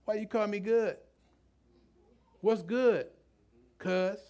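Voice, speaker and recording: A man's voice: high voice, slow, dark tone, lo-fi sound. A man voicing Jesus as a blunt, streetwise man who talks in casual slang and teases. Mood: teasing.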